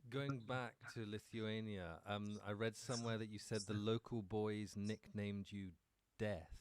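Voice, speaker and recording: A man's voice: lowish voice, steady tone, a little slow, clean tone, dry recording. A man interviewing a guest, asking curious, plain, direct questions.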